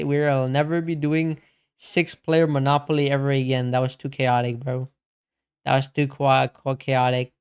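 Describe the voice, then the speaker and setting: A man's voice: mid-range voice, a little mellow, smooth. A young man streaming games, chatting casually with his chat and reading messages aloud, laid-back and saying "bro" a lot. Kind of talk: casual live-stream chat while gaming.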